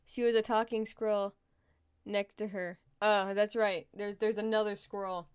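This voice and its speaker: Young adult woman streamer, smooth resonant voice, chatty and giggly while she plays. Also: medium pitch, flat delivery, moderate pace. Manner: chatty, laughs often, thinks aloud while playing. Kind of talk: casual live gaming stream chat.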